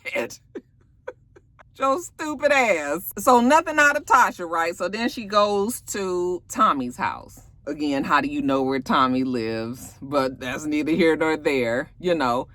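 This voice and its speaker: A woman giving a casual episode recap, animated and profane, full of sassy asides. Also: sits low, a little slow, few pauses, dry recording. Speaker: TV episode reviewer.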